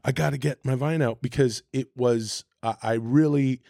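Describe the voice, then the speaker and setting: A man's voice: mid-range voice, fairly even intonation, moderate pace, vocal fry, mellow, dry recording, studio quality. A man in his forties, a guest actor telling rambling, self-mocking stories in casual podcast chat. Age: 40s. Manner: rambling, self-mocking storytelling, slips into silly voices.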